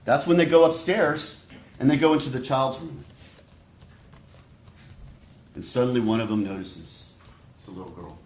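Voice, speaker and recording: A man giving a prosecutor's opening statement to a jury, speaking deliberately and straight to the jurors. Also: medium pitch, a little mellow. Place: courtroom. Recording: echoey courtroom audio.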